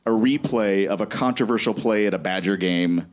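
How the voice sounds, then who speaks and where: A man with a low, easy voice talks through politics on the radio. He rambles, restarts his sentences and laughs along as he goes. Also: moderate pace. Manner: rambling, self-correcting, laughs often. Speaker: political science teacher, guest. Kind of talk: casual radio talk.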